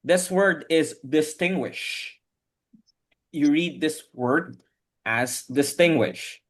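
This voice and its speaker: A man's voice: on the high side, takes it slowly, fairly bright tone. A man teaching an online English class over a video call, patiently correcting his students' pronunciation word by word.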